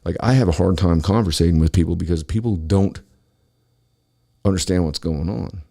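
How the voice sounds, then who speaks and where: A man's voice: low-pitched, moderate pace, vocal fry, warm tone. A man hosting his own show, delivering an angry, profane solo rant about politics. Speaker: podcast host.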